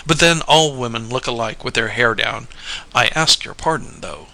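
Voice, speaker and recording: Loud blunt young guy, a narrator doing the voice, gruff and bright with some gravel. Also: medium pitch, lively intonation, moderate pace, heavily acted, poor audio. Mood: gruff, brusque. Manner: blunt, exclamatory. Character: rude, gruff young man, brusque.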